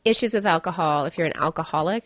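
A woman's voice: sits low, fast, slight background noise. A woman hosting a casual podcast chat, cracking crude jokes and laughing often. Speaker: podcast host.

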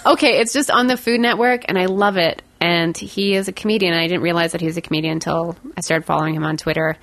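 A woman's voice: on the low side, fairly even intonation, quick pace, a bit bright, no echo. Giggly woman telling stories. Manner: giggly, rambling storyteller who puts on silly voices. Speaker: podcast co-host. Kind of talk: casual chat.

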